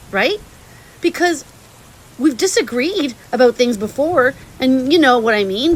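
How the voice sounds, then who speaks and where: A woman in the middle of an angry monologue, firing off profanity-laced complaints one after another. Her voice sits a little on the high side. She sounds heated and relentless the whole way through. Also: a bit bright, a little hiss or hum, poor audio. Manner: heated, profane, rapid-fire venting.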